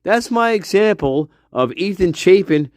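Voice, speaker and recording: A man's voice: high-pitched, expressive, unhurried, darkish tone, dry recording, clean studio sound. A man mocking a petulant self-absorbed young woman. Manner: mocking impersonation.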